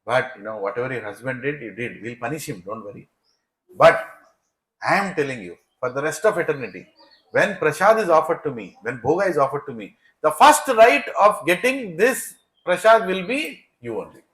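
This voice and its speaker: A man voicing Lord Narayan as a calm male god who speaks softly and soothingly. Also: moderate pace, reverberant, poor audio. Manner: soft, soothing, low.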